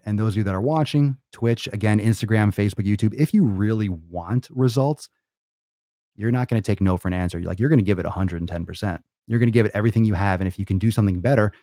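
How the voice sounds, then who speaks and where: A man's voice: lowish voice, mellow, no room sound, studio quality. A man ranting in a blunt, profane way, sometimes mocking whiny excuses in a silly voice. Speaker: fitness vlogger. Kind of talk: profane motivational rant.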